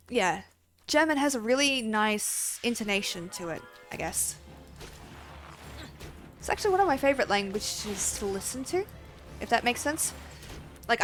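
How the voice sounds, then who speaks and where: A woman's voice: mid-range voice, fairly bright tone. A young woman streaming a game, chatting casually and rambling with frequent giggles. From Australia. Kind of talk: casual livestream chat.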